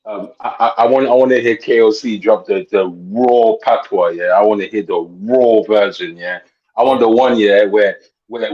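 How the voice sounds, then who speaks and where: Low husky man on a muffled call. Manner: relaxed, repetitive, says yeah a lot. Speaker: stream guest. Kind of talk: casual chat on a call.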